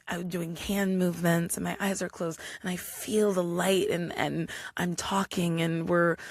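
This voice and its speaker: Brief: young woman, solo podcast host, low-pitched and gravelly, chatty storyteller, dry close sound. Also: no room sound. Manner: chatty, animated, acts out quotes.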